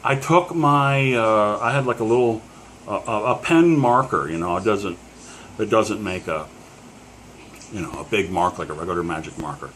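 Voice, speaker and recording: A middle-aged man from Pennsylvania with a somewhat low voice tells a story straight to the camera. He rambles, stops and restarts with plenty of fillers and chuckles. There is a faint hum of room noise behind him. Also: moderate pace, fairly bright tone. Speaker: collector.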